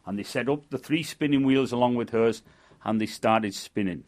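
An older man with a Manchester accent telling a folk tale in a lively, dramatic way. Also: medium pitch, normal speed. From England. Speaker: storyteller and guide. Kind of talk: folk storytelling.

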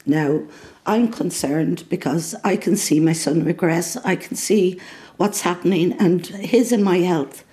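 An older Irish woman, a mother and carer, speaking earnestly in an interview, often pausing with fillers. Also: fairly low pitch, mellow. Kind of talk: emotional interview.

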